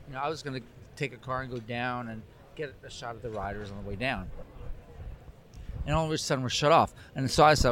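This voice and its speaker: A man, a photographer, telling an animated anecdote in casual chat, acting out the dialogue. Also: mid-range voice, fast, a crowd in the background. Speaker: cycling photographer.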